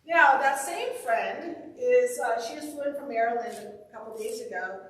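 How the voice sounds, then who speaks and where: A woman's voice: fairly high pitch, expressive, normal speed, a little hiss or hum. A woman minister giving a conversational, upbeat sermon full of personal stories. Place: church sanctuary. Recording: echoey hall, voice from far off.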